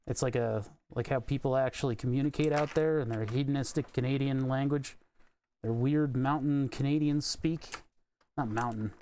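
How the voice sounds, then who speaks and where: A man's voice: mid-range voice, steady tone, normal speed, a little mellow, a little hiss or hum. A man streaming from his home workshop, chatting casually and rambling, often chuckling at his own jokes. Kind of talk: casual live-stream chat while working.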